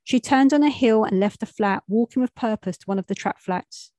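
A woman's voice: on the high side, a little fast, mellow, no echo. A young adult woman, telling a street story in a plain, matter-of-fact way with street slang.

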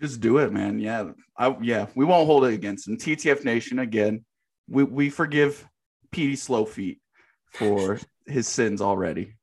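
A man co-hosting a podcast, laid-back and quick to laugh in casual chat. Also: mid-range voice, darkish tone, slightly rough. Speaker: podcast co-host.

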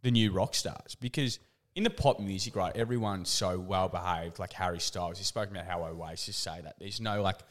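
Aussie guy late twenties, lowish voice, gets loud and excited telling stories. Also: a little fast. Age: 20s. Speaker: podcast co-host. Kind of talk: casual chat.

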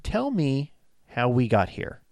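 A man's voice: mid-range voice, takes it slowly, gravelly, no echo, studio quality. A man in his thirties, a police officer co-hosting a podcast, chatting casually and acting out quotes. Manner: animated storyteller, acts out quotes.

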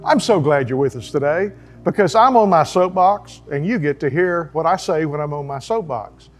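A man's voice: a little high, lively intonation, moderate pace, soft background music. A man, a pastor giving a folksy, earnest sermon-style talk with chatty asides.

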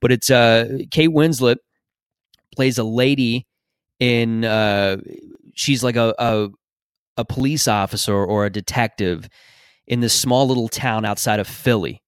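A man's voice: medium pitch, measured pace, clear, resonant tone, no echo, clean studio sound. Profane, rambling male podcast host. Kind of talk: casual podcast monologue.

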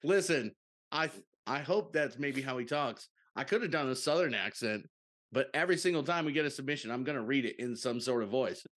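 A man's voice: medium pitch, lively intonation, fairly quick, a bit bright. A man co-hosting a podcast in casual, joking chat, swearing freely. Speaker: podcast co-host.

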